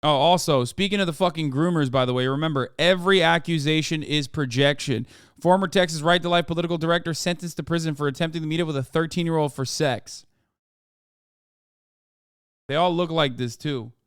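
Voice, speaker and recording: A man's voice: fairly high pitch, a little fast, fairly bright tone, clean tone, no room sound, clean studio sound. A male streamer giving casual livestream commentary, sarcastic and profane, rambling through his reactions. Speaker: streamer host.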